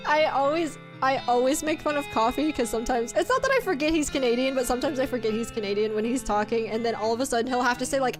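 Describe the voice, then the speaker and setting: A woman's voice: high voice, normal speed, soft background music. A woman streamer chatting casually with her viewers, bubbly and teasing, laughing often as she talks. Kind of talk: casual live-stream chat.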